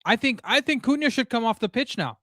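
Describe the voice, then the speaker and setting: A man's voice: very high voice, animated, a little fast, bright, forceful tone, dry recording, clean studio sound. A man hosting a live football watchalong, venting angrily in a ranting, stammering way and swearing at a player. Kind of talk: live match reaction. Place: home room.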